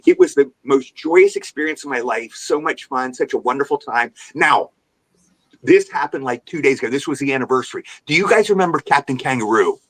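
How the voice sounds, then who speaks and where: An older man rattles off show-business anecdotes at a brisk clip on a podcast. He tells them with animated energy, and his pitch sits in an ordinary middle range. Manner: animated anecdotal storyteller, jumps into voices for quotes. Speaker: guest actor. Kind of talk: podcast interview storytelling. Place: remote podcast call.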